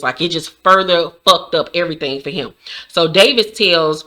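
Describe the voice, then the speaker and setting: Bright-voiced woman recapping a TV episode. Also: on the low side, moderate pace. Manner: profane, animated, acts out characters' lines. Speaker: recap vlogger.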